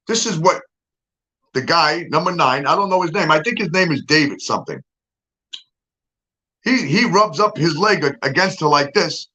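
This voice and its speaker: A man's voice: fairly high pitch, pushed and bright. A middle-aged man talking casually to his followers, emphatic and insistent, often checking in with the listener and getting up to act things out. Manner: emphatic, repeats "okay?" and "all right?" to the viewer; moves around, gets up to act things out. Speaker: social media commentator.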